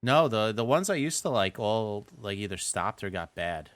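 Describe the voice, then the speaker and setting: Brief: man, co-host, lower voice, exasperated storyteller, dry close sound. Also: sing-song, normal speed, dry recording. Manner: exasperated storytelling, reads listener messages. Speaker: podcast co-host. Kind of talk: casual comedy podcast chat.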